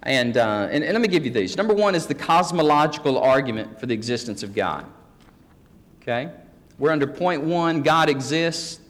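Man, pastor, folksy and joking, animated pitch, long church reverb. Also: moderate pace. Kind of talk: sermon teaching. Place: church sanctuary.

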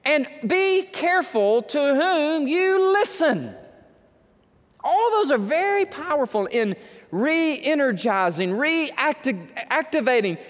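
A male pastor preaching with animated, humorous storytelling. His voice is high and swings widely in pitch. It rings in a long hall reverb. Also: slow. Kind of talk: sermon.

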